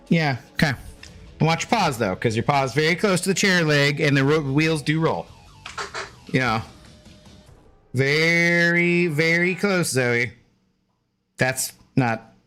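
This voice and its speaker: A man's voice: on the high side, sharp tone. A man streaming video games, chatting playfully with his dog and his viewers. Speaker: game streamer. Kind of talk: casual live-stream chat.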